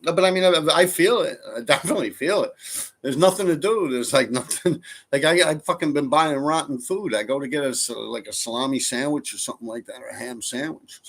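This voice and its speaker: A New York streamer reads viewer comments in a laid-back live-stream chat, rambling casually and profanely. His medium-pitched voice is fairly quick and a bit bright.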